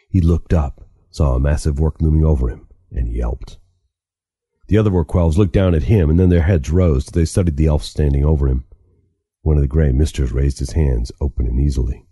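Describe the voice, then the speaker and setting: Very deep, husky male narrator. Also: dark tone, no echo, clean studio sound. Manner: measured, dramatic reading. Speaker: author reading his novel. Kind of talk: audiobook narration.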